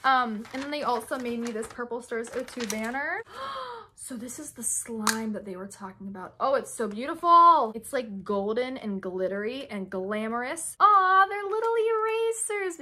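A young woman vlogger excitedly opening fan mail, gushing and gasping as she reads notes aloud. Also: on the high side, moderate pace, few pauses. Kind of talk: excited unboxing chat.

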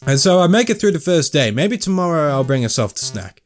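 A young man plays through a story game and reads its inner monologue aloud in choppy, broken sentences. His voice is lively and fairly high, and it swoops around as he jokes and swears casually between lines. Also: a little fast. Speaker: gamer playing and reading a game. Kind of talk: let's play commentary.

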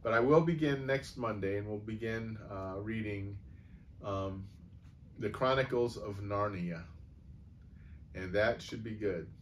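A man reading a humorous story aloud for a church audience, then signing off in a relaxed, folksy way with fillers. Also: lowish voice, a little slow, pauses often, a little hiss or hum.

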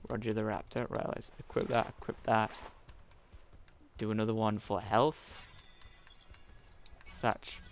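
Gravelly young man narrating a game. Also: lowish voice, level tone, a little slow, pauses often, slight background noise. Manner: jumpy, swearing, jokey running commentary. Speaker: gaming YouTuber. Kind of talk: let's-play commentary.

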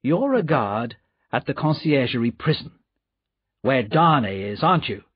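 A man voicing a calm, resolute gentleman. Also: mid-range voice, breathy edge, dry recording, highs cut off. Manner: calm, measured, slow.

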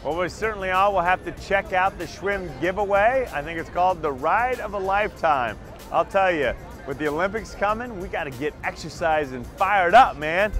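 A man's voice: high-pitched, lively intonation, moderate pace, a bit bright, faint music behind. A man hosting a TV talk show outdoors in the city, an enthusiastic and friendly interviewer. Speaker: host.

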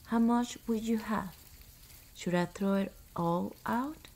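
A woman's voice: lowish voice, measured pace, warm tone. A woman voicing a tiny, bold, mischievous boy in a whispered role-play, eager and impish. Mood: cheeky.

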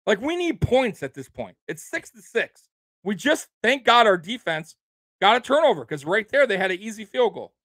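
A man's voice: high voice, very animated, moderate pace, a bit bright, no echo. A man hosting a sports show, ranting in casual, heated, profane talk with bursts of incredulous laughter. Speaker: sports podcast host.

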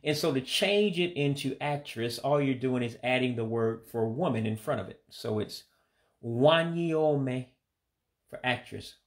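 A man giving a casual vocabulary lesson, speaking slowly and carefully, repeating words with some hesitant fillers. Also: medium pitch. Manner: slow, careful repetition of words. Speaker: language learner teaching vocabulary.

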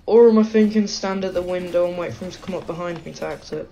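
A woman with a British accent giving excitable, self-mocking gameplay commentary. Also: fairly low pitch, quick pace, crowd noise. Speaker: gaming channel host.

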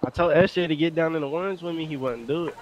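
A man's voice: fairly high pitch, quick pace, muffled recording, a little hiss or hum. A man in casual role-play banter, teasing his friend in laid-back slang. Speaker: fellow role-play player.

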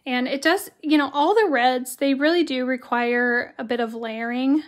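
A woman with a hoarse voice teaching watercolor on a live stream, chatty and greeting viewers by name as she works. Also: sits high, moderate pace. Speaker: watercolor instructor. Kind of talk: live-stream craft tutorial.

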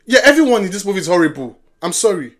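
Female reactor watching a film for the first time, animated voice, shouts and talks back at the screen. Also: medium pitch, fast talker, slight background noise. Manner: exclaims and yells at the characters on screen. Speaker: movie reaction host.

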